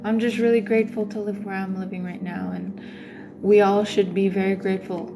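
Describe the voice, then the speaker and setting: A woman's voice: medium pitch, level tone, brisk, gravelly, over music. A woman tarot reader on a livestream, telling a dream in a rambling way with many fillers.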